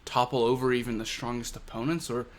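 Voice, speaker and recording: A man voicing a brooding young male fighter who speaks low, hushed and earnest. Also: little pitch movement, fast, lightly acted. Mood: grave.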